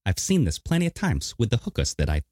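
A man's voice: on the low side, wildly swooping pitch, fast, darkish tone, dry recording, clean studio sound. A man putting on a brash, pushy impression of a politician as a gutter-fixer, pressing his points with a repeated "okay?". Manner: pushy, streetwise, punctuated with "okay?".

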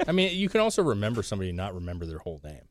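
A quick-talking man in loose podcast banter, cracking jokes and laughing often, his pitch bouncing around. His voice is dry and close to the mic. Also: wildly swooping pitch, dry recording. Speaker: podcast co-host. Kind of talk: casual chat.

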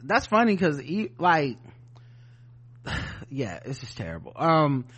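Profane, sardonic male podcast co-host, pitched a little high. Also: huge pitch swings, slow pace, a bit bright, breathy edge, highs cut off. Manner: profane, sardonic, reads headlines then riffs. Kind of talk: casual news-commentary chat.

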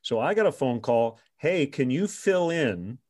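A former radio sports reporter telling stories in an interview, animated and chuckling often. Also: male voice, mid-range voice, unhurried. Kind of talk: storytelling in an interview.

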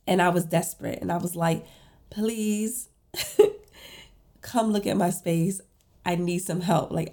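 Chatty woman telling a story. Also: on the low side. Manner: chatty, many fillers, animated retelling; self-described emotional and empathetic. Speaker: podcast host. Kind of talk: casual storytelling monologue.

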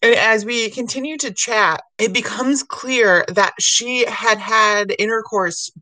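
A woman who works as an emergency physician assistant, telling stories in a casual podcast chat, animated and laughing often. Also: fairly high pitch, takes it slowly, no room sound.

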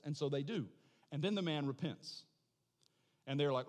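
A man preaching a sermon as pastor, impassioned, rising to near shouting and dropping to a soft prayer. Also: fairly high pitch, moderate pace, long pauses. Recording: long hall reverb.

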